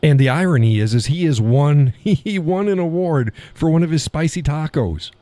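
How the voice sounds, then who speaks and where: A man's voice: on the high side, lively intonation, moderate pace, mellow, no echo. A man hosting a live stream, reading chat and giving blunt, scornful commentary with frequent laughs.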